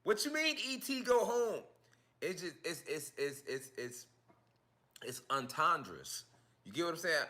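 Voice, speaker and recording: A man's voice: fairly high pitch, bright, forceful tone. A man teaching a casual livestream class on spiritual topics, talking in slangy, repetitive, emphatic street speech.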